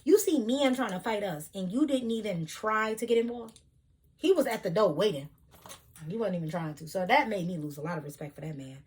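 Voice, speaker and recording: A young woman telling a heated storytime vlog, animated, with loud bursts. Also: mid-range voice, brisk. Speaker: vlogger.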